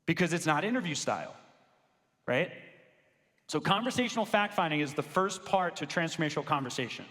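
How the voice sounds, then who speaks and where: A man coaching law firm owners in a live sales presentation, energetic and casual, with slangy asides. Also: fairly high pitch, fairly quick. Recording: long reverb of a large hall.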